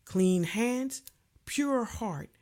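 A woman preaching a sermon in a calm, measured way, repeating key phrases for emphasis. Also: on the high side.

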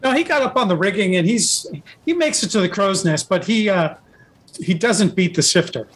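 A man's voice: high-pitched, animated, normal speed, a bit bright. A man narrating as game master of a tabletop game, rambling with lots of fillers.

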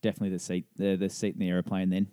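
Easygoing podcast guy, mellow voice. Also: low voice, monotone, very fast, clean tone, no room sound, clean studio sound. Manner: easygoing, hesitant, restarts often. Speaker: podcast co-host. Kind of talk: casual chat.

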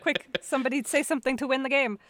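A woman's voice: high-pitched, fast talker, a crowd in the background. A woman playing a tabletop game, cheerful and chatty. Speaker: player. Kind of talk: casual tabletop role-play.

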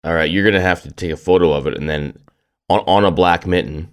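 A man's voice: low-pitched, fast talker, smooth. A man co-hosting a podcast in casual chat, with a groggy morning voice, teasing and rambling through wry jokes. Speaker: podcast co-host.

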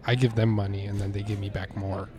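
A man's voice: on the low side, little pitch movement, fast talker, a little mellow. A man playing a son in comedic role-play, casual and sarcastic.

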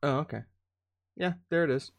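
A man co-hosting a live stream, chatting casually in a jokey, animated way. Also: a little high, creaky, dry recording. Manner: jokey, animated, quick to laugh. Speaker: stream co-host. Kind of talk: casual chat.

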